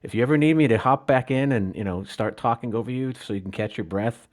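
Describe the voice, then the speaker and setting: A man hosting a live online audio room chat, relaxed and chatty, with plenty of "you know" fillers. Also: medium pitch, fast.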